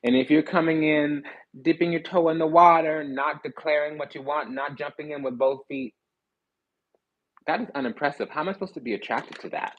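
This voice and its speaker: A man's voice: a little high, a little fast, dull audio. A man giving a casual tarot reading, talking bluntly in slang and with swearing, and often stopping to restart his sentences. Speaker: tarot reader.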